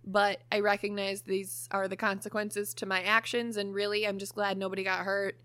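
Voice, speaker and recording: A young woman co-hosting a podcast, telling a story in a lively way, swearing freely and laughing often. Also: medium pitch, moderate pace, clear, resonant tone, no echo. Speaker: podcast co-host. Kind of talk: casual chat, storytelling.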